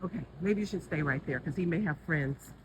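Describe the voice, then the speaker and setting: A slightly winded vlogger filming on a phone in a backyard garden, chatting to camera and coaxing a wild animal. Passing vehicles and outdoor noise are plainly heard behind the voice. The pitch sits mid-range. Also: a little fast. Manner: chatty, talks aloud to an animal, startled. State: a little out of breath. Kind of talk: casual handheld vlog commentary. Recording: outdoor audio with clear traffic noise.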